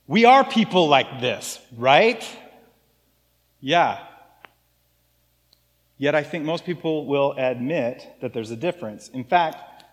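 A man preaching a sermon to his congregation in a relaxed, conversational way, often checking in with "right?". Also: on the high side. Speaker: pastor. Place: church sanctuary. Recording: long hall reverb.

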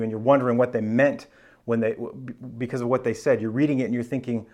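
Man preaching in a casual teaching tone. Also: mid-range voice. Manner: casual, conversational Bible teaching with slang. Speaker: pastor. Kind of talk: sermon.

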